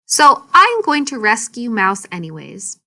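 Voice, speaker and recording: A woman's voice: fairly high pitch, huge pitch swings, measured pace, bright, forceful tone, full character voice. A woman voicing a friendly, helpful male snake in a storybook read-aloud. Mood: earnest.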